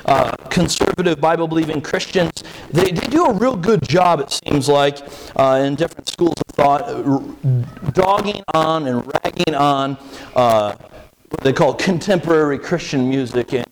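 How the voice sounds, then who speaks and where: A man preaching a sermon, reading scripture and talking in an animated, conversational way with sudden jumps in pitch. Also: normal speed, noisy background. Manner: animated, with emphatic leaps in pitch; conversational asides and restarts.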